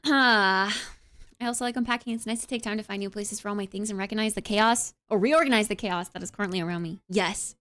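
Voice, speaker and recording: A young adult woman streamer in casual chat, reading and answering her live chat, bubbly and animated and often saying "like". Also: mid-range voice, brisk.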